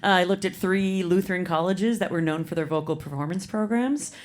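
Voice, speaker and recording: A woman from Minnesota, a guest in a live stage interview, who talks in a relaxed way with lots of fillers. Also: lowish voice, brisk.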